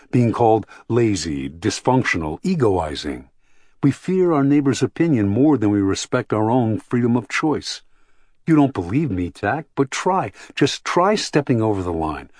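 A man's voice: mid-range voice, a little mellow, no echo, studio quality. A man reading the part of a passionate young idealist who argues intensely about freedom in an audiobook. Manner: impassioned, argumentative.

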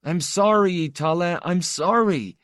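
Man voicing a sobbing frightened young man, tearful, strained, raised pitch, dry sound. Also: measured pace, a bit bright, no room sound. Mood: distraught.

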